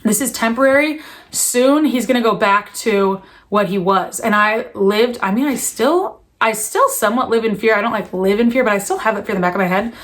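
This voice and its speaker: A young woman speaking in a candid, confessional vlog, her voice at an ordinary middle pitch. She talks earnestly and openly, with frequent fillers and restarts. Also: a little fast, few pauses, a bit bright. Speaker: vlogger, new mother.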